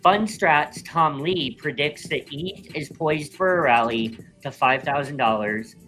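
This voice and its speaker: A man's voice: fairly high pitch, a little slow, pushed and bright, soft background music, poor audio. A man co-hosting a live crypto show, reading a sponsor roll-up in an easygoing way with many filler ums. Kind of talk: casual chat and ad read.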